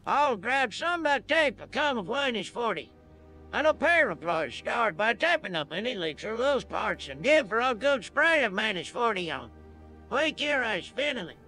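A synthetic male voice voicing a folksy backwoods southern handyman with a slow, twangy, rambling drawl. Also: very high-pitched, very animated, sharp tone, faint music behind, full character voice. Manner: slow, garbled country speech. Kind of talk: synthetic game character voice.

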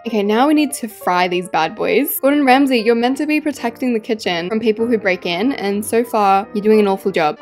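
A woman giving casual, excitable commentary as she plays a game, often squealing and laughing. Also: mid-range voice, brisk, soft background music. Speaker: gaming YouTuber.

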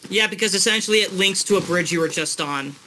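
A man's voice: high-pitched, fast, pushed and bright, slight background noise. A young adult man coaching his father through a video game with short, patient instructions. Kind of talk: casual gaming coaching.

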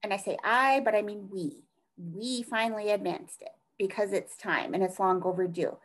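Speaking at normal speed with a medium pitch, this middle-aged woman appears as a guest in a conversational interview, advocating for a task force. Her manner is earnest but rambling, with frequent trail-offs and fresh starts. Audio quality is poor.

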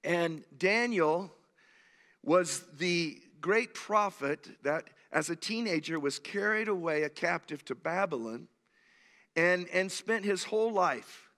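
A man in his sixties, a pastor, preaching a sermon and telling stories in an animated, emphatic way. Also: high-pitched. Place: church sanctuary. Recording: long church hall reverb.

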